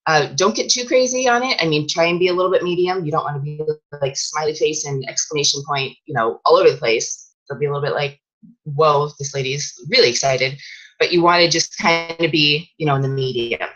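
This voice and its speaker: Low-voiced woman coaching her team. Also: fast talker, hardly any pauses, a bit bright, dull audio. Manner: chatty, with many fillers and restarts. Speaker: fitness coach. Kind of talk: casual training talk for a sales team.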